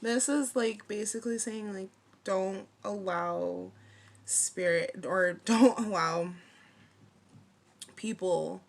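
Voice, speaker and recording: A woman in her thirties gives a casual tarot reading to camera, her medium-pitched voice slow with vocal fry and long pauses. She's chatty and playful, sprinkling in slang, leaning heavily on "like," and laughing often.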